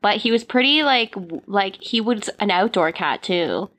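A woman's voice: mid-range voice, lively intonation, moderate pace, fairly bright tone. Chatty woman in casual conversation, replays her own reactions as she tells stories. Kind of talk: casual chat.

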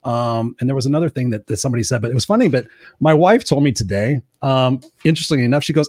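A man in his thirties co-hosting a casual podcast, energetic and playful, repeating words for emphasis. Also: mid-range voice, quick pace, dry recording, clean studio sound. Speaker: co-host.

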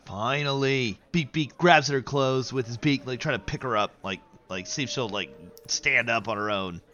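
A man's voice: medium pitch, moderate pace, pushed and bright, muffled recording, soft background music. A man playing a tabletop game, rambling and unsure, and laughing at himself. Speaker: player. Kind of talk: casual tabletop play.

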